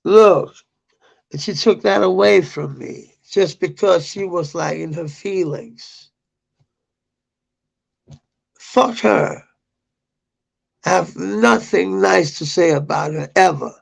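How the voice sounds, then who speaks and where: A man's voice: high-pitched, unhurried, creaky, breathy edge. A middle-aged man telling a personal story in a rambling, profane way, with bitter outbursts.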